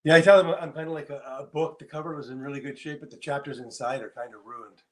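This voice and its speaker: A man's voice: a little high, steady tone, fast. A man co-hosting a casual podcast, reading out scenarios and laughing easily. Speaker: podcast co-host.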